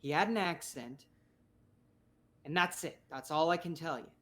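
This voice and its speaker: A woman's voice: low voice, normal speed, fairly bright tone. A woman voicing a frightened but defiant mother, pleading and then turning curt. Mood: desperate.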